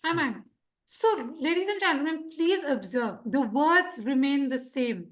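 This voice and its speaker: A woman with a husky voice, giving a lively instructional talk to a speaking club and checking in with her audience often. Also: high-pitched, unhurried. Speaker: Toastmasters speaker teaching speech craft.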